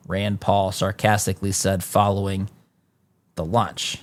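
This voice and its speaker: A man hosting a political talk show, reading news reports aloud and adding quick, emphatic asides with frequent restarts. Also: medium pitch, dry recording. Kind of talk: political commentary monologue.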